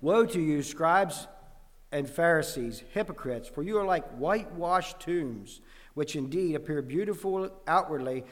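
A man preaching a sermon, reading scripture with rising force and then explaining it plainly, clearing his throat now and then. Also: fairly high pitch. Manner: clears throat often, some restarts. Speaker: pastor. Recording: long hall reverb.

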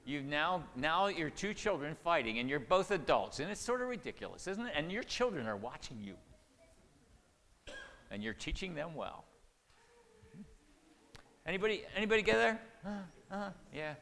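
A man's voice: on the high side, very animated, moderate pace, gravelly, long pauses, a bit bright. Folksy older man preaching in a hall. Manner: conversational, folksy, chuckles often, acts out quoted lines. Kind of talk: sermon on marriage communication. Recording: long hall reverb.

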